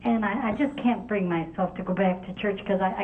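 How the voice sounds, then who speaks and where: Halting widow calling in by phone. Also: female voice, mid-range voice. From Florida. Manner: halting, stammering, emotional. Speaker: caller. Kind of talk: phone call to a show. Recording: tinny phone line with faint hiss.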